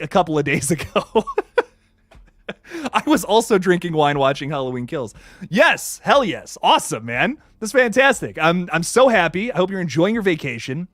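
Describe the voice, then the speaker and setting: A young man who hosts a horror movie channel, chatting casually and excitedly on a livestream, reading viewer comments aloud with lots of swearing and laughter. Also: on the high side, no echo, clean studio sound. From Ohio, USA. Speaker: YouTube horror channel host.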